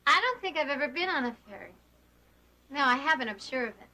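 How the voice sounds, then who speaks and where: A woman's voice: sits high, animated, fast talker, sharp tone, full character voice. An actress playing an eager, giggly young woman new to the city in an 1980s TV soap. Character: young woman called Elena, wide-eyed newcomer.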